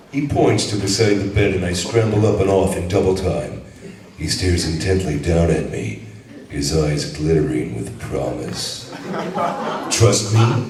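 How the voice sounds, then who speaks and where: An actor voicing a brash, cocky male action hero with a deep, gravelly drawl at a live convention panel, heard from far off in an echoey hall. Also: expressive, slow pace, a little mellow. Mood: gruff deadpan.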